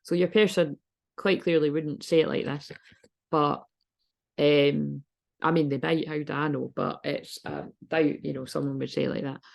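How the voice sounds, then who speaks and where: A woman's voice: deep voice, steady tone, moderate pace, creaky, darkish tone. A British woman giving a casual tarot reading, rambling, laughing and swearing freely. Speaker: tarot reader.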